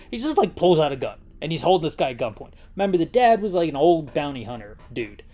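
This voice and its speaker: A man's voice: a little high, big pitch swings, quick pace, few pauses, mellow, soft background music. A man hosting a comedic movie recap, rambling through the plot with jokey asides and restarts. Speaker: host.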